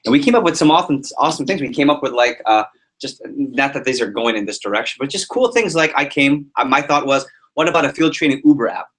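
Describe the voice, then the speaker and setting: A man giving a motivational talk to his sales team as their liaison, animated and joking, acting out little scenes. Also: mid-range voice, quick pace, husky.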